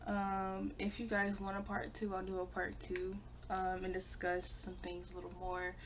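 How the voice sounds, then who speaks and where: A young woman vlogging casually to camera, relaxed and chatty, with lots of fillers and small laughs. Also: mid-range voice, normal speed, noisy background. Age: young adult.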